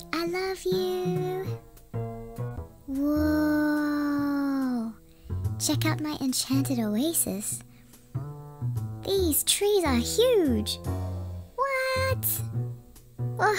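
Super high tiny shrunk avatar, giggly, squealy, slow and drawn out. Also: female voice, full character voice. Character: shrunken tiny woman avatar, giddy and excitable. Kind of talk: game voice-over.

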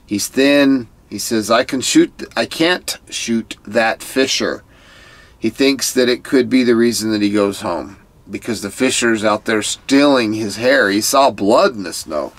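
A man's voice: lowish voice, a bit bright. A man casually recapping a reality survival episode, retelling scenes and quoting the people in it. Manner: retells scenes, quoting participants, repeats "crazy". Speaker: YouTube reviewer.

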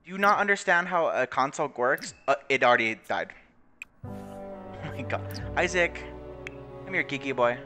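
A man's voice: fairly high pitch, lively intonation, moderate pace, pauses often, bright, forceful tone, soft background music. A young man giving casual, profane commentary on a life-simulation game, laughing often and putting on mocking voices. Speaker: gaming video creator.

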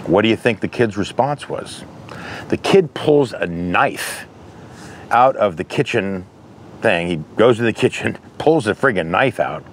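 Casting note: low-voiced man, candid and conversational, telling stories from his work, with faint noise in the background. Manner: candid, conversational, storytelling with anecdotes. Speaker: interventionist. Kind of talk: advice monologue.

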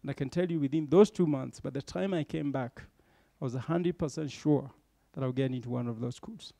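A man's voice: medium pitch, brisk, gravelly, mellow, dry recording, clean studio sound. A middle-aged man giving a motivational storytelling talk to young leaders, often checking in with tag questions. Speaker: bank executive speaking to young leaders.

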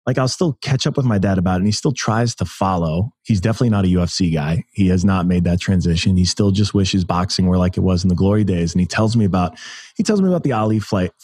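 A man with a very low voice talks casually as a podcast guest, halting and restarting his sentences. The sound is dry and close, with no room around it. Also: mellow, breathy edge, no echo. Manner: halting, restarts often, fillers like "like". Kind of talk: casual conversational interview.

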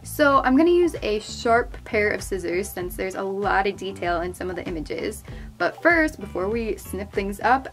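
Chatty young woman narrating a craft tutorial. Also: medium pitch. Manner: chatty, upbeat, explaining step by step. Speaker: craft channel host.

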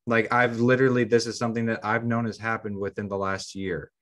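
This podcast co-host has a lowish, fairly bright voice with a level tone, and he talks a little fast. He retells a story in a loose, rambling way, heavy on ums and restarts.

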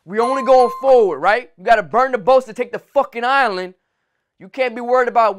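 A man with a high, smooth and clear voice delivers a profane, slang-heavy motivational rant. He drops to a low mutter, then bursts into shouts. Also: animated, a little fast. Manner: intense, swings from low muttering to loud shouting; heavy cursing, slangy street talk. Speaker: motivational YouTuber.

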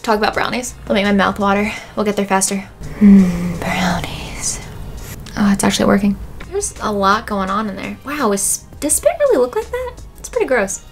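A woman makeup vlogger talking casually to camera, excitable, chatty and joking. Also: medium pitch, brisk, faint music behind. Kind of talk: casual vlog chat.

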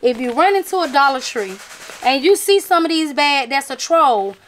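A woman's voice: sits high, animated, normal speed, fairly bright tone, slight background noise. A woman, chatting casually to her viewers about a craft and gift-basket haul, emphatic and talkative. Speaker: vlogger showing a craft haul. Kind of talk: casual chat to camera.

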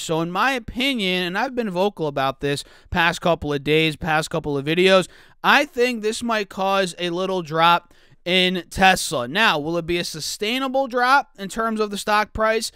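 Bright-voiced man with a raspy morning voice. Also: high-pitched, no echo, studio quality. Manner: chatty, calls viewers "guys", many fillers. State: morning voice, clearing throat. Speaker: stock market video host. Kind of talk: casual talk to camera.

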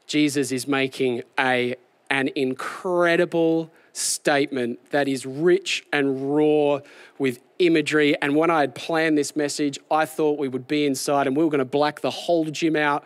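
A man preaching a sermon outdoors, animated and building to a raised, excited delivery. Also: on the high side, moderate pace, dry recording. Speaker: pastor.

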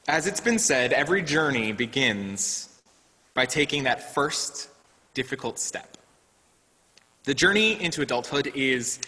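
Slow, bright-voiced man preaching in a reverberant hall. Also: mid-range voice. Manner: storytelling, deliberate and earnest. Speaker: director of lifespan faith development. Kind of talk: sermon.

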